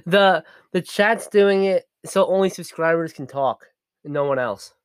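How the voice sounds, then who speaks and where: Young male streamer, slightly high voice, rambling casual chat, dry close sound. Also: clear, resonant tone, dry recording. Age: young adult. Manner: rambling, restarts, quick apologies. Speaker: podcast co-host and streamer.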